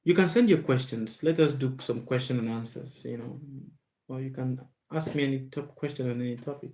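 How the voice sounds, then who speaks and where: A man's voice: mid-range voice, warm tone. Emphatic man hosting a live Q&A. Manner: slow, emphatic and repetitive, stressing words. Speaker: live stream host. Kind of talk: live Q&A monologue.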